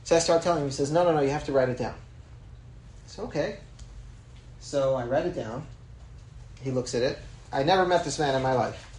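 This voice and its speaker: A man's voice: medium pitch, fairly quick, long pauses, a little mellow, reverberant, low-quality recording. A middle-aged man, a rabbi, giving a Torah class in a conversational storytelling manner, mixing in Hebrew terms. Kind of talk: Torah lecture with personal storytelling.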